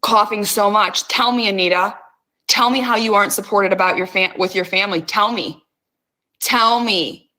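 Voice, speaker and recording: A woman's voice: medium pitch, normal speed, bright, forceful tone. A middle-aged woman hosting, coaxing listeners with intense words and frequent swearing. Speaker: host. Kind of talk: guided emotional release session.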